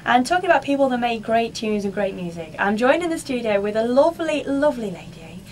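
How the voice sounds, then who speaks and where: English woman, local radio host, higher voice, smooth upbeat links, faint hiss behind. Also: very animated, a little fast, darkish tone. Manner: chirpy, polished presenter patter. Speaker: radio presenter. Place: radio studio.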